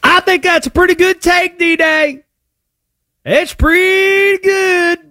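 Man voicing a conspiracy character, put-on Cajun drawl, loud, high, swooping. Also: a little fast, no room sound, clean studio sound, exaggerated voice. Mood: excited. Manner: loud, excitable, rambling hot takes.

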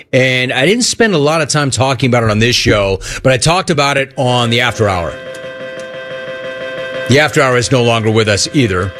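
A man hosting sports talk radio, telling a rambling, jokey story and acting out the voices in it. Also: medium pitch. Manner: rambling, jokey, acts out the voices in his stories.

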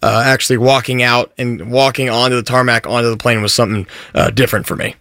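A man who works as the show's board operator, answering the host's questions in a low-key, halting way. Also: steady tone, bright, forceful tone, dry recording, studio quality. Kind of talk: casual chat.

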